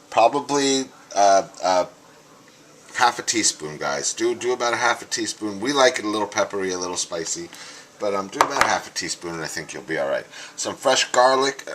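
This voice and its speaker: With a voice on the low side and a fairly bright tone, a man demonstrates a home recipe in his kitchen, talking casually as he goes. He addresses viewers as "guys" and frequently restarts, over noisy clatter of dishes, cutlery and stirring.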